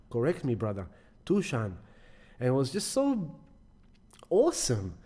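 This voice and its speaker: A man's voice: on the high side, mellow. A man hosting a live astrology stream, talking casually and affectionately, greeting viewers by name and rambling with restarts. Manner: rambling, with many restarts and repeated words.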